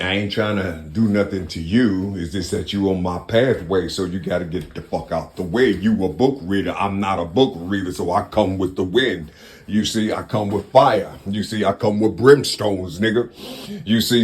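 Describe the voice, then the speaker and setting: A man's voice: low voice, a little mellow, reverberant. A man by a river at night giving a profane, preachy, rambling monologue, repeating "you see" often. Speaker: vlogger.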